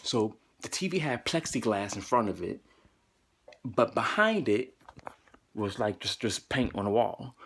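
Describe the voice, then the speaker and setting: A man telling a personal story in a vlog, animated and profane, jumping into high excited voices when quoting himself. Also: a little slow, husky.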